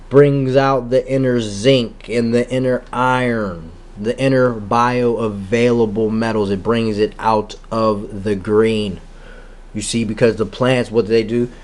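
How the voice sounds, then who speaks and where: A man's voice: fairly low pitch, darkish tone, slight background noise. A man giving a rambling metaphysical monologue, full of rhetorical questions and casual street slang. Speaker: spiritual vlogger.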